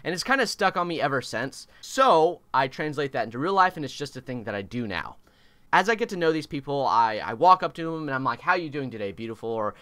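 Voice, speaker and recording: A young man narrating an animated storytime video in an exaggerated, swearing, animated way. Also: mid-range voice, dry recording. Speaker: YouTube storyteller.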